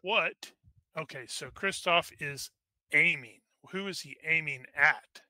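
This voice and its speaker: Male game master, bright crisp voice, dry close mic, halting delivery. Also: a little high, no room sound. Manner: halting, many restarts and fillers. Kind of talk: narrating a tabletop game.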